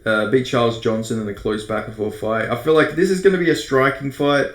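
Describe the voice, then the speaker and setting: An Australian man talks through fight predictions in a loose, rambling way. He swears freely and trips over names, and his voice sits at an ordinary middle pitch. The room around him is echoey. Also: brisk. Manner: rambling, profane, self-correcting. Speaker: MMA predictions host. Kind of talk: casual fight breakdown monologue. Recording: roomy echo.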